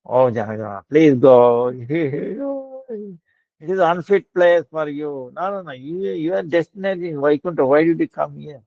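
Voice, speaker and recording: A man's voice: on the high side, expressive, unhurried, dry recording. A man voicing a stern but polite god of death in a told story. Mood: firm. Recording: dull lo-fi dry recording.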